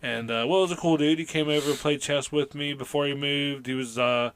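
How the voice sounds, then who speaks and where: A podcast co-host with a bright, ringing voice, animated in casual chat and quick to break into laughter. He acts out little scenes with store clerks as he tells his stories. The recording is dry and close, with almost no room sound. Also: on the high side, clean tone, no room sound.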